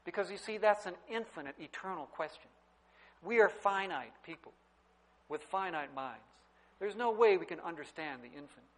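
A middle-aged man preaching a sermon, telling stories and swinging from loud to quiet. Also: high voice, lively intonation, moderate pace, low-quality recording. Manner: storytelling preacher, wide swings in loudness. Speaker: pastor.

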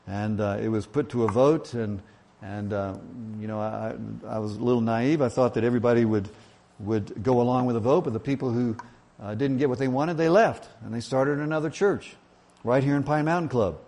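Speaking a little fast in a dark, mid-range voice, a male pastor tells an old joke from the pulpit. His delivery is folksy and self-deprecating, heavy with fillers.

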